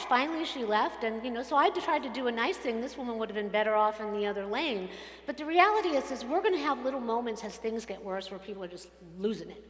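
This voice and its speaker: A woman giving a sermon to a congregation, telling everyday stories and acting out the people in them. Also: on the high side. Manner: animated storytelling, acts out quotes. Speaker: rabbi. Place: synagogue sanctuary. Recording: echoey hall from a distance.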